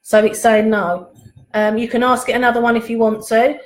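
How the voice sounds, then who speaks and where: At home in her living room, a woman hosts a live pendulum reading, chatting casually, rambling, reading out viewer comments and laughing often. Her voice is fairly high with little pitch movement and a slightly fast pace, and the audio is poor and reverberant.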